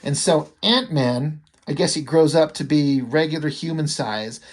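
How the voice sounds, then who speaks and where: Blunt man reviewing comics aloud. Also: a little high. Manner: blunt, profane, reads dialogue aloud with quick asides. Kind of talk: casual comic review narration.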